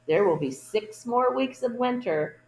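A woman's voice: on the high side, expressive, a little slow, reverberant, slight background noise, pitched above the performer's own voice, low-quality recording. A woman voicing a sleepy male groundhog in a storybook, speaking in a matter-of-fact way. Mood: knowing.

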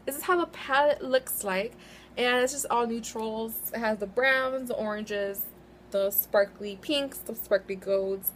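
A chatty young woman with a fairly high voice rambles casually to her camera at home, correcting herself now and then. A faint hum of room ambience sits behind her. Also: unhurried, fairly bright tone. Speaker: beauty vlogger. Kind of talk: casual chat.

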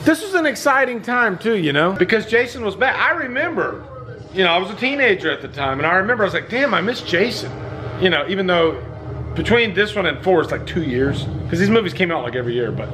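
An enthusiastic middle-aged man chats through a movie reaction in a casual, swear-laden way. His voice sits a bit higher than most men's. Faint music plays softly behind him. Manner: enthusiastic, loose, swears freely. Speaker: vlogger.

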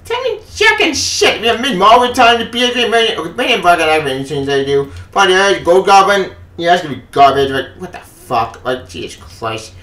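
A man giving a furious, profane rant on a comics news vlog, often shouting. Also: sits high, animated, a little fast, few pauses. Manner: angry, profane ranting with frequent shouting. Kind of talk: ranting opinion vlog. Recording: echoey room, voice off-mic.

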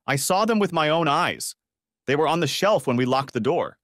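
A man's voice: a little high, animated, moderate pace, fairly bright tone, no echo, studio quality, pitched above the performer's own voice. A man voicing a desperate young woman caught in a scam, pleading and panicky. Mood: confused.

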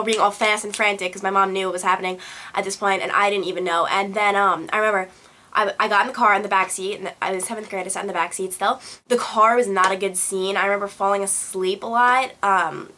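A young woman vlogger telling a personal story to camera in a casual, animated way, acting out quotes and filling with "blah, blah". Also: medium pitch. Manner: animated retelling, acts out quotes, fillers like "blah blah". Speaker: beauty vlogger.

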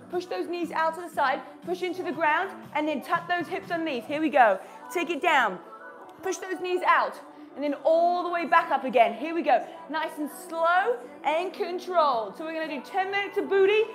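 High-voiced upbeat woman coaching a workout. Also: fairly bright tone. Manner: upbeat, encouraging cues, chats to her dog. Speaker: fitness instructor. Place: home.

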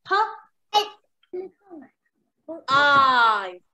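A woman's voice: high-pitched, very animated, drawn-out words, very noisy. A young woman teaching a live online phonics class to young children, sing-song and coaxing, full of praise and endearments, heard over a video call mic. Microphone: computer or headset mic on a video call.

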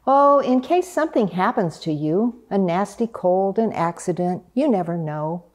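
A woman voicing a calm, kindly male figure of Death in a storybook reading, soft and patient. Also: mid-range voice, moderate pace, close to an everyday voice. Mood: gentle.

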